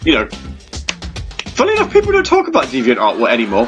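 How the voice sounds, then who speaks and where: A man's voice: mid-range voice, huge pitch swings, fast talker, highs cut off, faint music behind. A man hosting a casual chat show. He laughs often and turns mock-solemn when he reads aloud.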